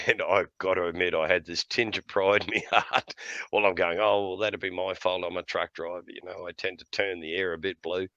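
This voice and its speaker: A man's voice: deep voice, steady tone, brisk, sharp tone, no room sound, dull audio. A middle-aged man telling blunt, profane stories in casual chat, often laughing between lines. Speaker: podcast host.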